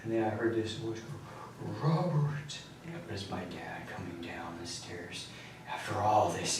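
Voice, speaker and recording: Quiet teenage man in an echoey room. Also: fairly low pitch. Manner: quiet, halting, with many fillers. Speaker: suspect under interrogation. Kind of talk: recounting events in a police interview. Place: interrogation room. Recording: echoey room, distant mic, faint hiss.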